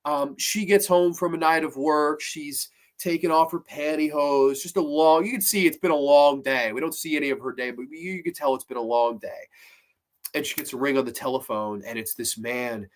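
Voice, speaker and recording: Male horror film reviewer, fairly high voice, rambling and excited, swears casually. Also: normal speed.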